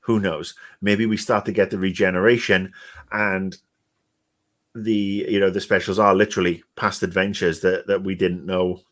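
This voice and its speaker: A man's voice: deep voice, flat delivery, normal speed. Guy rambling on a chat podcast, sarcastic, curses a bunch, lots of ums. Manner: rambling, sarcastic, swears freely, many fillers. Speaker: podcast co-host. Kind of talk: casual podcast discussion.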